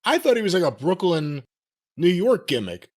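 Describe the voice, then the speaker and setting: A man with a high, lively voice that swings up and down chats casually on a podcast. He needles and playfully challenges his co-host. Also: moderate pace.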